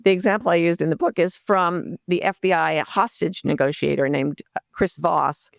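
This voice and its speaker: An older woman, a life coach and author, speaking as a guest in a podcast interview, explaining calmly and gently, sometimes softly voicing kind self-talk. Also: fairly low pitch, moderate pace, vocal fry, no echo, clean studio sound. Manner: warm, gentle explanations with soft spoken self-talk asides.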